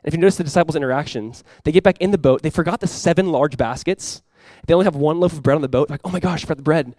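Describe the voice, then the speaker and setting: A man preaches a sermon at a quick clip, bouncing between explanation and acted-out quotes. His voice sits a bit high for a man and sounds dry and close. He often repeats words as he builds momentum. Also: no room sound. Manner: animated, acts out quoted voices, repeats himself. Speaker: pastor.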